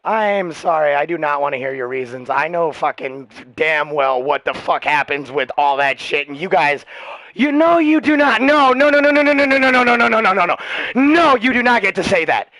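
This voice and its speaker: A man, a military veteran streaming a game, arguing in voice chat, ranting, swearing and shouting into a headset mic. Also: fairly high pitch, moderate pace, dry recording. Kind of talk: heated voice-chat argument while gaming.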